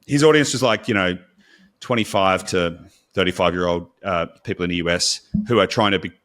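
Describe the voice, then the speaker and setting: A man co-hosting a podcast in a casual, blunt, animated way, swearing freely. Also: low-pitched, brisk. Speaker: podcast co-host.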